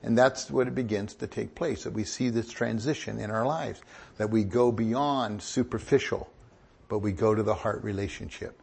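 A middle-aged man preaches with a husky, slightly breathy voice. He swings from quiet asides into loud, emphatic bursts and keeps the room laughing along with him. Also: lowish voice, normal speed. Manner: animated, joking preacher with rising emphatic bursts. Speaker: pastor. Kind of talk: sermon.

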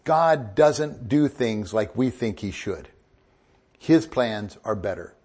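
Male pastor, middle-aged, husky breathy voice, sermon, animated and joking, emphatic bursts. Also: lowish voice, slow pace.

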